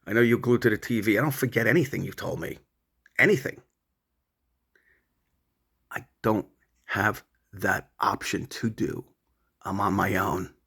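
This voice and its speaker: A man's voice: fairly low pitch, creaky, a bit bright. A middle-aged man rambling at home, swearing and confronting an absent rival in a long monologue. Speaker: vlogger.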